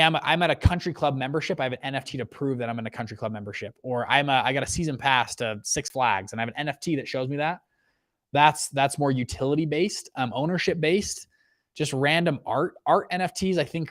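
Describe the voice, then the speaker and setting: A man in his thirties, the host, giving a casual rant about economics, lively and full of restarts and acted quotes. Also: a little high. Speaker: host, fund manager.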